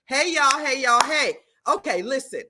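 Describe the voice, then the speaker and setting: Animated high-voiced woman preaching to viewers. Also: unhurried, noisy background. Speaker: livestream host and prophetess. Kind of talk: lively live-stream talk and teaching.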